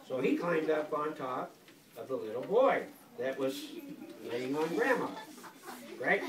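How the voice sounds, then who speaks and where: An older grandfather reading a picture book aloud to a school class in a playful, animated way, stopping often to quiz the children. He is recorded from across an echoey classroom full of kids. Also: on the high side, measured pace, recorded from a distance, a crowd in the background. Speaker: guest reader, grandfather.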